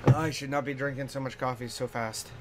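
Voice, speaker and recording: A streamer with a mid-range voice comments quickly and casually on his own card game in a hot bedroom, thinking out loud and laughing often. His tone is steady, though his voice and accent shift, and background noise is audible.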